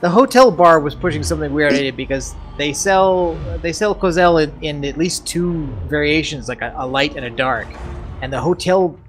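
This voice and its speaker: A man's voice: a little high, moderate pace, soft background music. A man hosting a game stream, chatting casually and rambling with lots of restarts. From United States. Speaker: stream host.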